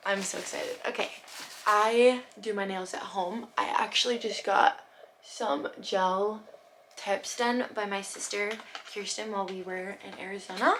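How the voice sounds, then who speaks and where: A young woman vlogging as she unboxes gifts, gushing and excitable, sometimes dropping to a soft whisper. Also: mid-range voice, low-quality recording. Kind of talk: casual unboxing vlog. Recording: noticeable background noise.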